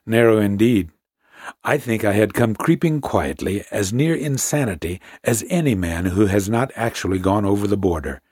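Low, husky man reading a story. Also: expressive, moderate pace, a little mellow, no room sound, clean studio sound. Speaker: audiobook narrator. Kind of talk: scripted first-person narration.

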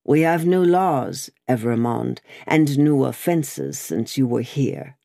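A woman's voice: a bass voice, slow pace, vocal fry, dark tone, dry recording, clean studio sound, full character voice. A woman reading an audiobook, voicing a hard, stolid male officer who questions in a curt, cold way.

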